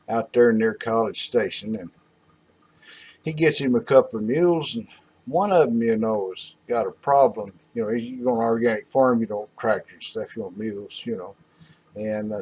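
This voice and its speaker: A man's voice: medium pitch, moderate pace, a little mellow, husky. A man telling a long joke in a folksy, rambling way. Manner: drawling, rambling storyteller.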